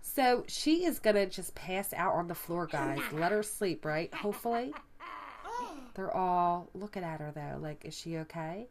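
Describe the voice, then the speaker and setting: A woman hosting a let's play video, excitably commenting on the game and exclaiming at surprises. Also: lowish voice, a little slow, a crowd in the background. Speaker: gaming video host.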